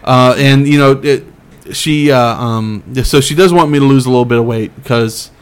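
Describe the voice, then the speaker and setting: A man's voice: medium pitch, normal speed, clean tone. A man hosting a podcast in casual chat, rambling and self-deprecating with many restarts. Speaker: podcast host.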